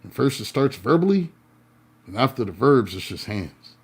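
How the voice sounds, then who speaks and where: Husky, animated male tarot reader. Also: mid-range voice, moderate pace. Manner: playful, swings between loud and hushed, laughs often. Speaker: tarot reader and life coach. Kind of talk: casual storytelling to viewers.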